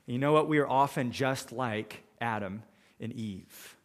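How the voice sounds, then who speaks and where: A man's voice: medium pitch, unhurried, in a large hall. A man preaching a sermon, walking through scripture verse by verse and voicing the characters in his own paraphrases. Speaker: pastor.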